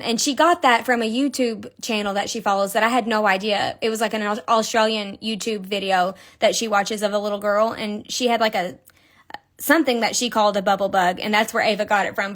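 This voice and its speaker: A woman's voice: medium pitch, fairly even intonation, brisk, fairly bright tone. A woman with a Kentucky accent giving a casual, chatty crochet lesson on a live stream, giggling and telling stories as she works. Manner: chatty, giggly, tells stories while working. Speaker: crochet instructor.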